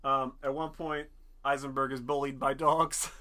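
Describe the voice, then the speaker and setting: Brief: male podcast co-host, bright forceful voice, loose profane storytelling. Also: medium pitch, little pitch movement, normal speed. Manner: rambling, profane, acts out characters in jokey voices. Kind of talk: casual chat reviewing a movie.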